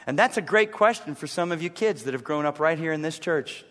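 A male pastor preaching a sermon in a church, emphatic, repeating key lines and dropping to a low, intense hush. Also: animated, brisk, few pauses, long reverb tail. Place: church sanctuary.

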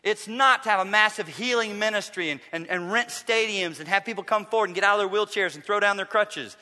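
Bright-voiced preacher in a reverberant hall. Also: male voice, high-pitched, fairly quick. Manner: swings from quiet pleading to loud emphatic bursts. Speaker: pastor. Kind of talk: sermon. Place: church sanctuary.

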